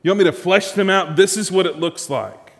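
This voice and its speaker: A male pastor preaching a sermon with lively rhetorical questions to his congregation. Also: sits high, a little fast, long reverb tail.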